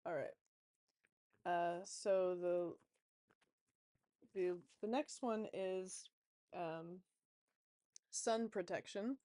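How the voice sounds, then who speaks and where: Rambling woman with a mellow voice. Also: on the low side, steady tone, very slow, long pauses, no echo. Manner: rambling, chatty, many fillers. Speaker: tarot reader. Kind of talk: casual vlog chat.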